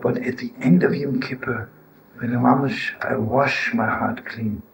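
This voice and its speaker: An older man giving an informal religious teaching, telling stories and asking "right?" and "you know?" to his listeners, rising to loud scolding when he acts out a harsh inner voice. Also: mid-range voice, fairly even intonation, measured pace, creaky, a little hiss or hum, low-quality recording. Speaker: rabbi and storyteller.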